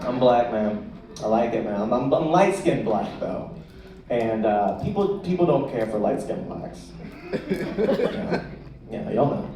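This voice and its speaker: Animated male comic in an echoey club. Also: medium pitch, measured pace, long pauses. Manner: laughs at his own jokes, crude and animated. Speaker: stand-up comedian. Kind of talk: live stand-up set. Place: comedy club stage with audience. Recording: echoey club taped from far off, loud crowd. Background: audience laughter.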